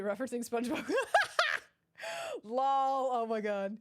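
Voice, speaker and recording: A woman's voice: on the high side, animated, moderate pace, no echo. A woman casually commenting through a game playthrough, chatty, giggly and self-deprecating. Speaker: gaming streamer.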